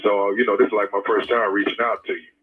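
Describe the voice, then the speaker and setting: A man's voice: fairly low pitch, flat delivery, quick pace. A man making a prank phone call, talking in a hesitant, stammering, coaxing way. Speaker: radio prank caller. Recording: tinny phone-line sound.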